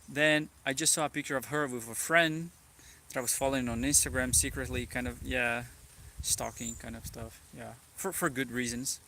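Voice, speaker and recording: A man's voice: medium pitch, fairly even intonation, moderate pace, pushed and bright, a little hiss or hum. A man from Brazil with a Brazilian Portuguese accent, talking in a rambling, earnest personal vlog, full of "like" fillers. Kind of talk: reflective personal vlog monologue.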